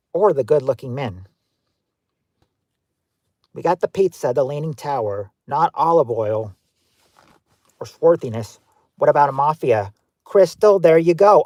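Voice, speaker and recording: In a fairly high voice on a dry recording, a man hosts a livestream game show. He reads viewers' guesses and greets them by name, offhand and chatty, with frequent fillers and restarts.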